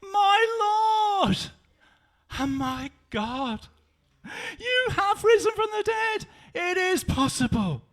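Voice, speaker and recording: A man's voice: sits high, measured pace, fairly bright tone. A man preaching, voicing a doubting, insistent disciple. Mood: overwhelmed. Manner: insistent, exasperated. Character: doubting disciple Tom, stubborn grown man.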